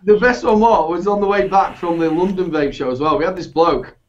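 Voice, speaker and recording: A man with a Yorkshire accent telling animated, sweary stories in casual chat. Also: high-pitched, a little fast, slight background noise. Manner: animated anecdotes, swears, laughs through stories. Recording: dull lo-fi sound.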